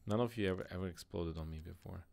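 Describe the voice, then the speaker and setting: A man's voice: low voice, fast talker, gravelly, a little mellow. A man streaming a video game, giving casual commentary and muttering frustrated asides to himself.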